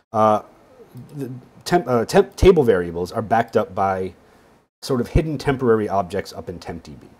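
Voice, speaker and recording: A man giving a casual, wry screen-share lesson on databases, often checking in with a quick "right?". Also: on the low side, darkish tone. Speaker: database instructor. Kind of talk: screen-share teaching walkthrough.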